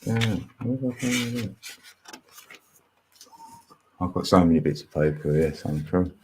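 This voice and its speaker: A man's voice: low voice, animated, a little slow, noisy background. A man talking in a rambling, chatty livestream monologue, laughing often and thinking aloud. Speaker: livestream host.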